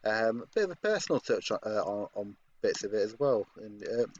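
A man's voice: lowish voice, expressive, brisk, a little mellow. A man co-hosting a casual podcast, hesitant, with many ums and restarts. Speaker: podcast co-host. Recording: dull lo-fi mic with faint noise.

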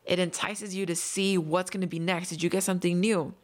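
Earnest and upbeat, a young woman runs her own podcast, narrating a story and explaining it conversationally. Her voice is lowish and steady, and she talks fairly quickly.

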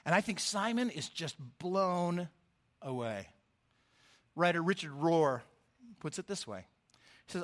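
A middle-aged man giving a sermon as a lay preacher, telling the story in an expressive, animated way. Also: on the high side, moderate pace, long pauses.

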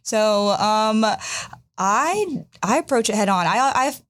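A woman's voice: on the high side, animated. A woman co-hosting a podcast who talks candidly and emotionally in a casual chat. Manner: candid, emotional, quick to laugh. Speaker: podcast co-host.

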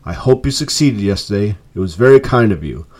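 A man voicing an elderly male miser who is newly joyful, excited and warmly insistent. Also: lowish voice, a little fast. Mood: eager.

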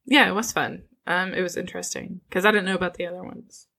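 A young woman co-hosting a podcast, chatting casually and trading deadpan jokes. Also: on the low side, fast, gravelly. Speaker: podcast co-host. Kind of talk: casual chat.

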